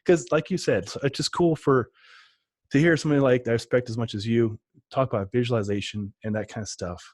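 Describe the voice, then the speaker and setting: A man's voice: mid-range voice, a little fast, darkish tone, no echo. A man hosting a podcast, chatting casually and enthusiastically in a rambling way. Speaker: podcast host.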